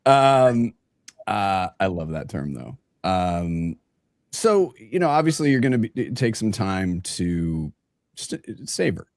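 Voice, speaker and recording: A man's voice: deep voice, big pitch swings, takes it slowly, a little mellow, dry recording, clean studio sound. A man hosting a casual interview, playful and rambling, asking long questions full of fillers. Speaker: interviewer, host.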